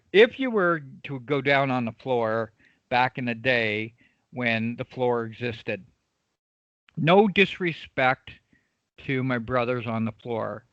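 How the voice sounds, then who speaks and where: A man teaching an online trading class, stressing points through repetition and frequent "right?" checks. His voice sits at a middle pitch. The sound is dry and a bit dull, like a computer mic on a video call. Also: fairly bright tone, no room sound. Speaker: trading coach. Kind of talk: live online class lecture.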